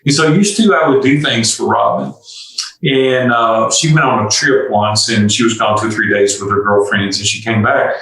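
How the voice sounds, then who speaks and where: A man's voice: fairly low pitch, normal speed, a bit bright, recorded from a distance. An older man, a guest entrepreneur, telling personal stories in an earnest, confessional way during an interview. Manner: earnest, confessional, acts out dialogue. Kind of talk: candid storytelling interview. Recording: echoey room, off-mic.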